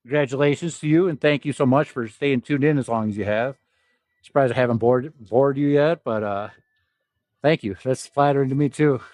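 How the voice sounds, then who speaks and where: At a normal pace and with a darkish tone, a young man streams from an indoor gym in a mid-range, congested, nasal voice. The fitness vlogger from South Dakota rambles profanely and laughs frequently, and the recording is dry.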